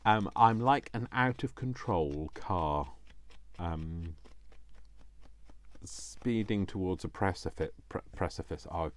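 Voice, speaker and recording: This crafting-video host has a deep voice and talks slowly while he works. His casual chatter wanders, he makes jokes at his own expense, and he frequently talks to himself.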